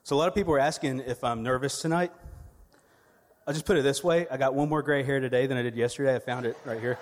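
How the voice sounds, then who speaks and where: A man's voice: mid-range voice, steady tone, fast, long reverb tail, slight background noise. A man, delivering a sermon as a church media director, conversational and humorous with storytelling. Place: church sanctuary.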